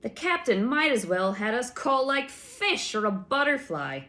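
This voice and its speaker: A woman voicing a gruff, blustering giant outlaw man with rough old-fashioned speech. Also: fairly high pitch, big pitch swings, measured pace, pushed and bright, pitched above the performer's own voice, heavily acted.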